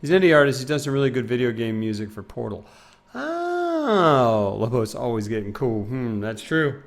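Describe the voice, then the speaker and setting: A man's voice: medium pitch, fairly even intonation, fast. Chatty young male game streamer. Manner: chatty, reads out chat and donations. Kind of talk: casual live-stream chat.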